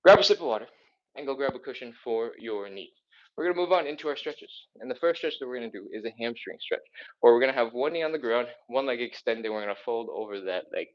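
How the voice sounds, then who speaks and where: Male fitness instructor, mid-pitched, upbeat, counting reps between sighs, slightly breathless, lo-fi stream audio. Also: animated, fast. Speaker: mobility and stretching instructor. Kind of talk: live follow-along workout coaching.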